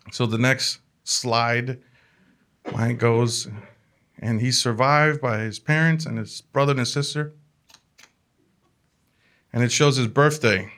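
Bright-voiced man telling a funny story. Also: medium pitch. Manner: animated, laughs while telling the story. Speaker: comedian. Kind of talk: comedic storytelling.

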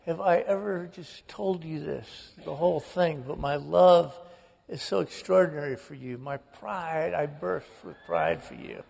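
A man's voice: fairly high pitch, animated, a little slow, vocal fry, a little mellow, breathy edge, full character voice. A man in his sixties voicing his elderly father gushing love and pride. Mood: doting. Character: dying elderly father, gruff but doting toward his son.

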